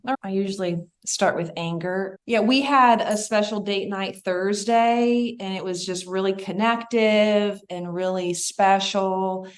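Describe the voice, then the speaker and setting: A middle-aged woman talks as a guest in a casual podcast conversation. Her voice sits at an ordinary pitch, and she speaks softly and reflectively, opening up about her emotions. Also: unhurried, hardly any pauses.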